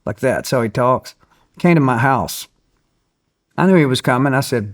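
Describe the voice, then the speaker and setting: A man with a medium-pitched voice, appearing as an interview guest, tells a story energetically at a moderate pace, acting out other people's voices along the way.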